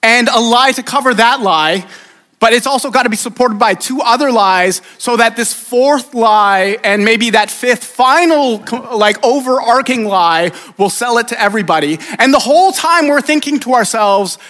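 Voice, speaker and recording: A man preaching a sermon in a relaxed, conversational way, acting out the people in the story. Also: very high-pitched, moderate pace. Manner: casual, conversational preaching with acted-out voices. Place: church sanctuary. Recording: church hall reverb.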